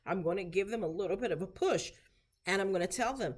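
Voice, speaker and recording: A woman therapy clinician giving an instructional lesson, patiently repeating short phrases slowly so learners can practice. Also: mid-range voice. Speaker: therapy clinician teaching Spanish.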